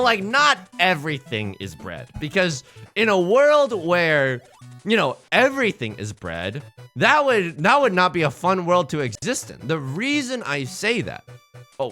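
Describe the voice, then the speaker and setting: A young man streaming a game, chatting casually and rambling excitedly to himself and his viewers. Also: fairly high pitch. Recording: faint music under the voice.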